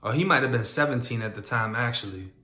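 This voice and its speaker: A man's voice: medium pitch, fast, pushed and bright, reverberant. A young man bluntly telling his own prison story in a casual, streetwise way. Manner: blunt, streetwise, matter-of-fact.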